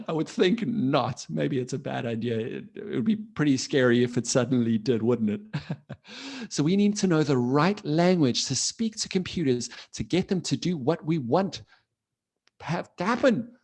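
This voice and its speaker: A male teacher running a live online coding lesson for young children, talking into his computer microphone. His voice sits a little high and bounces all over the place, playful and animated as he fires questions at the kids and jokes along with them. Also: unhurried, husky.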